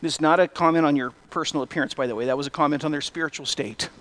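A middle-aged male pastor with a high voice preaches a relaxed, conversational sermon. He breaks in with wry, self-deprecating asides. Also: rapid-fire.

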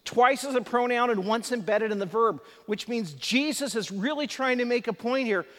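A man's voice: extremely high pitch, moderate pace. A man preaching a sermon to a live congregation, conversational and emphatic, with chatty asides. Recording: long hall reverb.

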